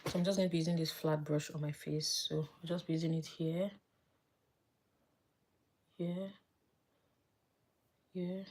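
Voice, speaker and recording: A woman vlogger chatting casually as she does her makeup live, thinking aloud and dropping to soft murmurs while she works. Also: low-pitched, flat delivery, a little slow, long pauses, a little hiss or hum. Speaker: beauty vlogger.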